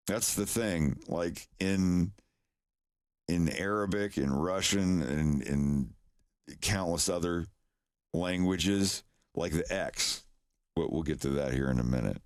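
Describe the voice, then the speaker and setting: A man's voice: low-pitched, dry recording, studio quality. A man chatting casually on a live stream, rambling and swearing as he demonstrates mouth sounds.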